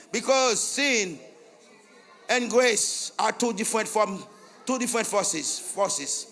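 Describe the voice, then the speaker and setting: Raspy Haitian pastor shouting a fervent sermon. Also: male voice, high-pitched, lively intonation, slow. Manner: switches between English, French and Creole, chants repeated phrases. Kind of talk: fervent sermon, leading prayer.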